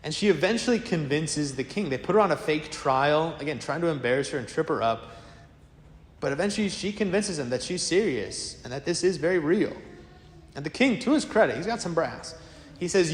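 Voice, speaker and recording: A man preaching a sermon as a priest, telling stories in a lively, conversational way. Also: a little high, fairly quick. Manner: lively storytelling, acts out quoted voices; casual, conversational preaching to a congregation. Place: church. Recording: echoey church with long reverb.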